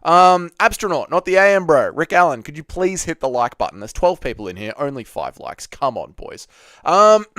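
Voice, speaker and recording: A man's voice: a little high, big pitch swings, normal speed, a bit bright, no echo, studio quality. A young Australian man hosting a casual livestream, chatty, greeting viewers by name and swearing freely. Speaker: livestream host. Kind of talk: casual live chat reading viewer comments.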